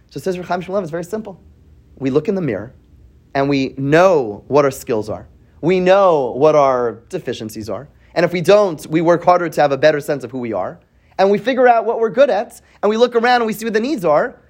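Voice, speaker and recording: A man teaching a weekly Torah portion class, asking his students questions and thinking aloud with frequent restarts. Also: sits high.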